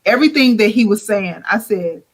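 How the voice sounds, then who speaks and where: A woman's voice: medium pitch, brisk. A woman joining a podcast over an online call, chatting casually and acting out quotes expressively. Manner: expressive, acts out quotes with laughs. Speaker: podcast guest. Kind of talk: casual chat.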